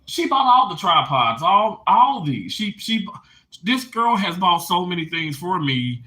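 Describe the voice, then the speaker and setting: A man live streaming casually to his chat, emotional and animated, laughing and tearing up as he talks. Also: high voice, unhurried.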